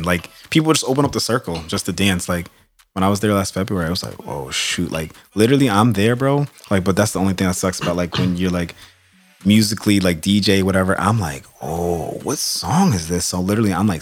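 A man chatting as a guest on a podcast, a DJ who talks in a relaxed way, full of "like" and "bro". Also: low voice, fairly quick, breathy edge. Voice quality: relaxed, heavy use of "like" and "bro". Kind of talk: casual podcast chat.

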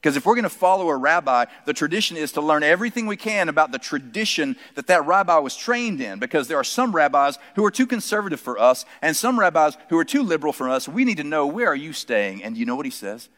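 A male preacher giving a sermon, telling stories and dropping to soft, emphatic quotes. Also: a little high, very animated, fast, hardly any pauses. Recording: long reverb from a large hall.

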